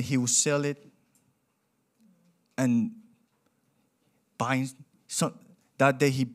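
Lively young male preacher. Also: mid-range voice. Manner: animated, acts out quoted voices, non-native grammar. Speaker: pastor. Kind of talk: sermon with storytelling.

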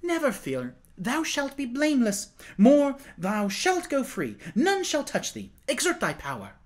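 A man's voice: sits high, very animated, moderate pace, voice pushed up. A man doing an eager boy king. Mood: eager urging. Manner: earnest, urging.

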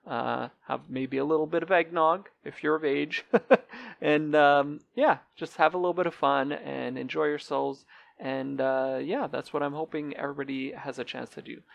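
A man's voice: fairly high pitch, steady tone, normal speed, vocal fry, dry recording. A man giving casual, rambling gameplay commentary as he tours a game server, with many ums and uhs. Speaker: Minecraft server let's-player.

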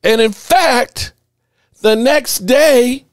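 A man's voice: very high-pitched, extremely slow, no echo, studio quality. A man hosting a sports podcast, ranting indignantly over game clips and repeating his points. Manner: animated, indignant, repeats himself.

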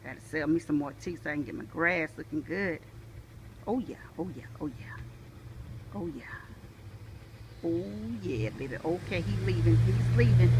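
A woman's voice: deep voice, lively intonation, moderate pace, long pauses. Chatty woman vlogging outside on her phone, bouncy up-and-down voice, a little street noise behind. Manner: playful, chatty, sing-song, talks to herself. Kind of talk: casual self-filmed vlog. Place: outdoors near her home.

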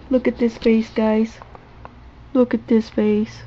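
A woman vlogger talking softly to her old cat and her viewers, in tender coaxing baby talk, sometimes whispering. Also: on the high side, steady tone, muffled recording, a little hiss or hum. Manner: slow, gentle, at times whispered. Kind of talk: soft chat to a pet and viewers.

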